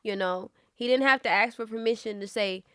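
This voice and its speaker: A woman telling stories from her work in a relaxed podcast conversation. She talks in an animated way, drops lots of fillers and acts out what others said. The sound is dry and close-miked. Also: a little high, a little fast, clear, resonant tone, no room sound. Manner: animated storyteller, many fillers, acts out quotes. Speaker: actress guest. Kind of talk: casual interview chat.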